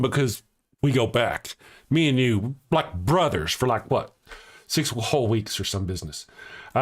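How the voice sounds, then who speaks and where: Chatty man hosting a live stream. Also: medium pitch. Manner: rambling, joking, laughs often at his own jokes; reads out viewer comments and teases chatters. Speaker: livestream host. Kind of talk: casual live-stream chat.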